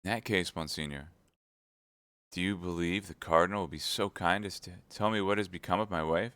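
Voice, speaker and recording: A man's voice: deep voice, a little fast, a bit bright, no room sound. A man voicing a timid, fawning middle-aged mercer who is eager to please. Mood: meek. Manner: meek and eager to please, turning frantic.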